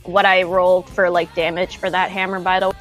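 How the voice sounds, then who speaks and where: A woman's voice: lowish voice, flat delivery, brisk, a bit bright, faint music behind, rough recording. Young woman, tabletop player, upbeat, chatty, casual talk.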